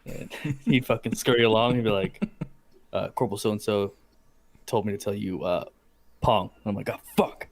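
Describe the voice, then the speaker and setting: A man who is a podcast guest and veteran, telling a barracks prank story in a relaxed, laughing way. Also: on the low side, moderate pace, gravelly, long pauses. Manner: laid-back, chimes in, laughs while telling stories. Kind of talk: casual storytelling chat.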